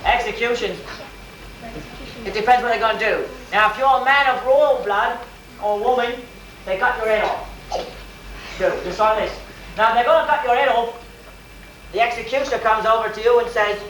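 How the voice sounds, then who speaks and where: A man's voice: high voice, moderate pace, pauses often, fairly bright tone. A man in costume telling first-person medieval tales in folksy, rustic grammar, talking straight to his listeners and asking them questions. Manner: folksy, rambling, speaks in old-timey rustic grammar. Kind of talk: first-person historical role-play for an audience. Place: school event crowd area. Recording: echoey camcorder sound from far off with faint noise.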